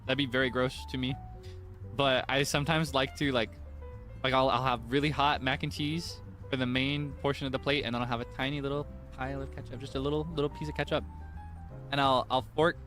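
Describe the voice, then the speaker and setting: A young man chats casually on stream, rambling and correcting himself as he goes, with an easy chuckle now and then. His voice sits at an ordinary middle pitch. Faint music plays behind him. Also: fairly bright tone.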